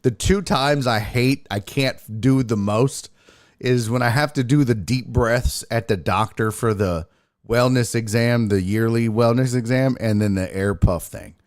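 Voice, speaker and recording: A man hosting a casual podcast livestream, telling stories in an animated, profane way and acting out sighs and panic. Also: mid-range voice, measured pace, dry recording, studio quality. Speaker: podcast host.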